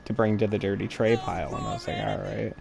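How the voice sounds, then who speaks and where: A man's voice: on the low side, steady tone, quick pace, gravelly, over music. A man streaming a game while chatting, telling a long, rambling, profane story in an exasperated, casual way.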